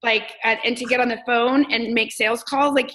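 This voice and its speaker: A woman's voice: on the high side, steady tone, brisk, sharp tone, low-quality recording. A woman from Texas, a comedian and coach, talking candidly in an interview, telling stories with lots of filler words. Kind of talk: casual interview chat.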